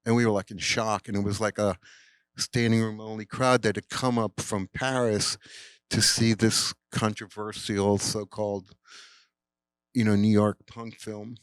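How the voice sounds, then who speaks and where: A man's voice: on the low side, little pitch movement, a little slow, clean tone, no room sound. An older man, a film director, telling a rambling anecdote at a live Q&A with lots of fillers and quoted voices. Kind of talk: casual storytelling in a Q&A. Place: cinema, live Q&A.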